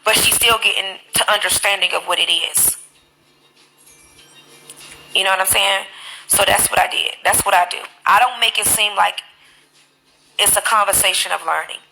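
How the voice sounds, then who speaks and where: A woman live streaming, telling her stories in an animated, profane way into a phone mic. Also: medium pitch, moderate pace, vocal fry, pauses often, faint music behind, rough recording. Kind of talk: casual live-stream chat.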